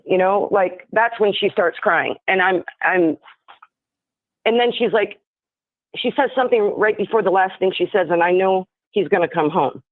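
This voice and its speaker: A woman's voice: mid-range voice, moderate pace, dry recording. A woman calling into a live show, chatting casually and rambling through theories with lots of fillers and restarts. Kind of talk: casual speculative chat. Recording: tinny phone line.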